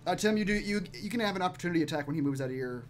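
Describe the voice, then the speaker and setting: A man's voice: sits high, animated, rapid-fire, soft background music. A man running a tabletop game online as game master, loose and chuckling, with many ums.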